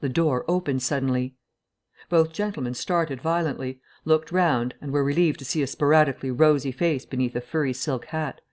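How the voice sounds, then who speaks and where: A woman reading a classic novel aloud as an audiobook narrator, in measured storytelling. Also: sits low, a little mellow. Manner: measured storytelling, shifts voice for each character. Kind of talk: scripted narration.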